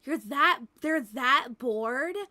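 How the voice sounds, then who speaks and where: Young adult woman, high voice, bright, smooth, blunt, swears a lot, live-stream chat at a desk mic. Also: extremely slow, no echo. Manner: blunt, swears freely, laughs often.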